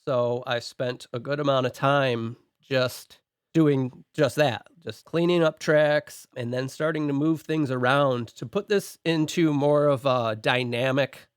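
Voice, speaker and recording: In a casual podcast chat, a co-host who also produces songs goes through a list of notes one point at a time, relaxed and methodical. His medium-pitched voice has a clean tone and measured pace, captured close and dry with no room around it.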